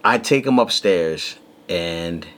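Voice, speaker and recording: Deep-voiced man telling a lively story. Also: slow pace. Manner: animated storyteller, acts out quotes. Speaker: podcast co-host. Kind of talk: casual storytelling chat.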